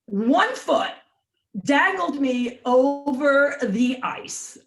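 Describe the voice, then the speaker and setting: A woman in her forties tells a story with a slightly high, bright pitch. She is an animated storyteller who jumps up in pitch to act out quotes. The talk is a relaxed conversation. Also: drawn-out words. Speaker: author guest.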